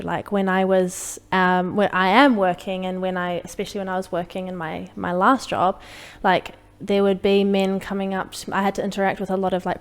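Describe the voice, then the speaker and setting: A woman's voice: medium pitch, clear, resonant tone, long reverb tail. A young woman talking frankly as a podcast guest, chatty and full of fillers. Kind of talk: casual conversation.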